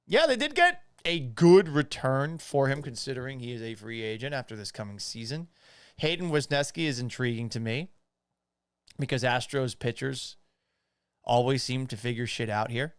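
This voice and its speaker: A man's voice: medium pitch, animated, normal speed, smooth, no room sound, clean studio sound. A man from Boston hosting a live stream in his home office, reading viewer comments and joking with them in a casual, profane way. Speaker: podcast host.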